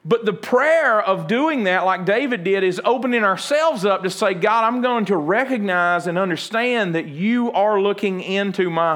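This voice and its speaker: A man's voice: high-pitched, fairly bright tone. A man pastor preaching a folksy, humorous sermon and acting out little everyday scenes.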